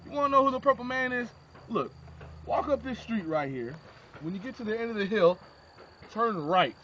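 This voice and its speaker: A man's voice: high-pitched, lively intonation, normal speed, fairly bright tone, muffled recording, a little hiss or hum, voice pushed up. A man playing an offhand street bum. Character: street bum, older man, matter-of-fact.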